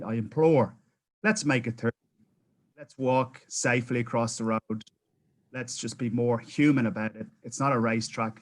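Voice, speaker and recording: New Zealand man, mid-pitched, earnest and pleading public submitter who stumbles and restarts. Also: poor audio. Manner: impassioned, pleading, frequent restarts. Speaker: public submitter at council hearing. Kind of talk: public testimony.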